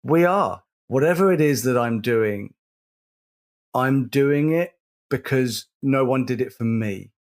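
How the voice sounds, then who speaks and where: A man, co-hosting a casual podcast, speaking earnestly and slowly, repeating words as he stresses a point. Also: medium pitch. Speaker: podcast co-host.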